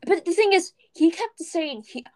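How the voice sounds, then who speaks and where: A woman's voice: very high voice, animated, moderate pace, rough recording. A teenage girl co-hosting a casual podcast, rambling with lots of fillers and laughs. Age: teens. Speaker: podcast co-host. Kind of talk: casual chat.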